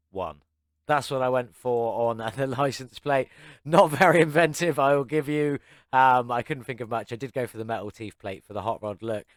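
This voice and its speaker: Male game-channel host, casual upbeat commentary, self-deprecating, middle pitch, dry close sound. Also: dry recording. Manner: chatty, upbeat, self-mocking.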